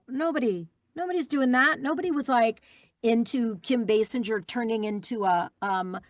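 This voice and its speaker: A woman's voice: fairly high pitch, dry recording. Middle-aged woman telling stories, dry sound. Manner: warm, animated storytelling with fillers. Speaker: guest voice actress. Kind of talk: casual interview chat.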